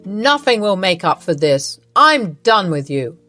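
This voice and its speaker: A woman voicing a grown man, a wronged husband who speaks flatly and sternly. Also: medium pitch, unhurried, no room sound, soft background music. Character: wronged husband, adult man, cold and firm.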